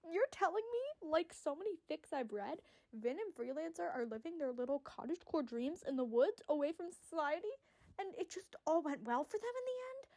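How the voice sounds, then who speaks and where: A woman giving casual, excitable fan commentary on a story, rambling and swearing freely. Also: sits high. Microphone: audio-only recording.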